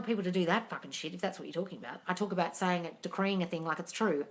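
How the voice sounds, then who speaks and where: A woman's voice: fairly low pitch, rapid-fire, few pauses. A woman coaching on a livestream, reading out viewer comments and answering them bluntly, with lots of swearing and calling people darling. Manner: blunt and profane, calls listeners darling. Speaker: manifesting coach.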